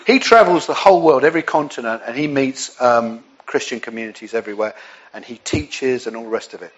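A man's voice: mid-range voice, a little fast, lo-fi sound. An English man preaching a sermon in a conversational way, with frequent restarts and asides. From England.

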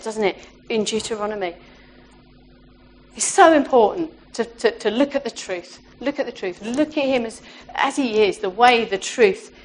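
A woman giving a heartfelt, conversational sermon to her church, often pausing to say "you know" and restarting her phrases. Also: a little high. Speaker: church speaker. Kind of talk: informal sermon.

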